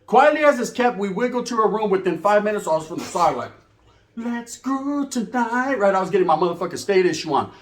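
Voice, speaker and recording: A man's voice: high voice, animated, racing, hardly any pauses, reverberant. A man telling a profane comic story in a rambling, casual way, switching into voices for the people in it.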